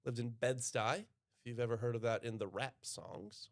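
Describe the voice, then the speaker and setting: Brief: relaxed American man from New York, mid-pitched, poker commentary banter. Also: normal speed. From New York City. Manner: laid-back, easily amused.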